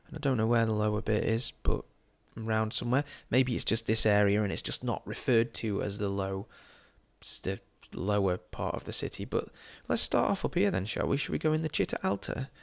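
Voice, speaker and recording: A man's voice: lowish voice, vocal fry. An Englishman giving casual, amused commentary as he tours a city virtually, chatting and laughing often with jokey asides. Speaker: football game YouTuber. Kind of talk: casual commentary over a virtual street tour.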